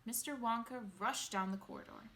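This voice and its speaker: A woman reading a bedtime story aloud, lively and expressive. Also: fairly high pitch, moderate pace, a little hiss or hum.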